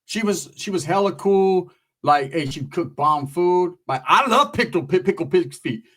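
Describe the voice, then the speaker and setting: A man's voice: sits high, lively intonation, normal speed, fairly bright tone. A man telling a rambling, crude comic story in a laid-back, profane way. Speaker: comedian.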